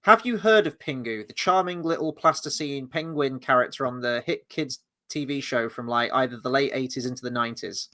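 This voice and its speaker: A man hosting a casual review chat, animated and rambling, swearing freely as he talks. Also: medium pitch, brisk, few pauses. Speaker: host.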